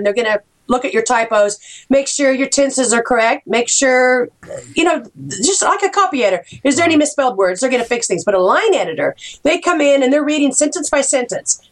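Middle-aged American woman author, animated storyteller with a fairly high voice, casual chat. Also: fast. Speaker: author guest.

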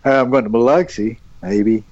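A man's voice: medium pitch, moderate pace, no room sound, dull audio. A man, a convention guest telling long rambling stories full of fillers and restarts. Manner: rambling, animated storyteller with many fillers and restarts. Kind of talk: casual storytelling on a podcast.

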